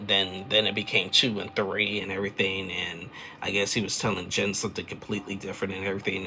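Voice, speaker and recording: Gravelly deep-voiced man rambling a recap. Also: bright, forceful tone, slight background noise. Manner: rambling, chatty, loose filler-heavy storytelling. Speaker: reality TV recap host. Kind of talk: casual recap chat.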